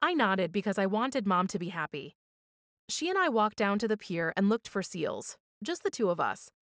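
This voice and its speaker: A woman reading a children's story aloud for storytime, with expressive, measured storytelling. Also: mid-range voice, no echo, studio quality. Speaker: storytime reader.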